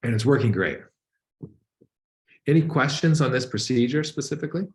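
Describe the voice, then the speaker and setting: A man's voice: mid-range voice, moderate pace, a little mellow. A man, a guest expert, earnestly explaining research in a conversational way over a video call. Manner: earnest, conversational, uses many "like" and "and so" links. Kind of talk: explanatory talk to an audience over slides. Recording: echoey room.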